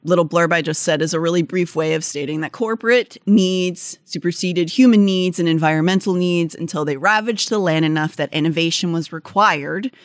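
A young woman co-hosting a podcast in a chatty way, with a Pittsburgh accent and a fairly low voice. She slips between loose banter and read-out facts, full of "like" and restarts. The recording is dry and close. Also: fairly quick, hardly any pauses, dry recording. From Pittsburgh area, United States. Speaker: podcast co-host. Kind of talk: casual chat mixed with read-out facts.

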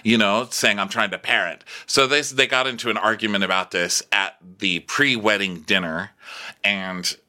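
A man's voice: steady tone, normal speed, sharp tone. A man co-hosting a podcast, casually recapping a reality show and mockingly acting out the cast. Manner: mocking, acts out cast members in high voices. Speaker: podcast co-host.

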